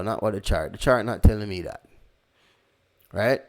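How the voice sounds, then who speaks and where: A man's voice: fairly low pitch, normal speed, pauses often. A man teaching trading in a casual, conversational way, repeating key phrases and correcting himself as he goes. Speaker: trading instructor. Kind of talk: casual screen-share lesson.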